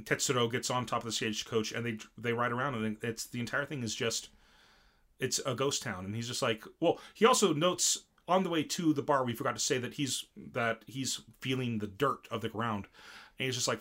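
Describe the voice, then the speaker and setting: This is a man with a bright, forceful voice in a relaxed chat, recapping a show he watched. He rambles and restarts, and he gets animated as he acts out bits of the plot. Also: medium pitch, moderate pace. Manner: rambling, animated retelling with many fillers. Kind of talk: casual chat recapping an anime episode.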